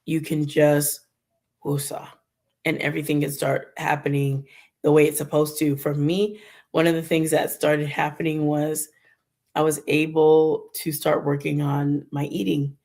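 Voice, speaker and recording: A woman's voice: sits low, flat delivery, moderate pace, vocal fry, darkish tone. A middle-aged woman talking in a rambling, conversational way as she shares a candid personal faith testimony on her channel. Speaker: Christian vlogger.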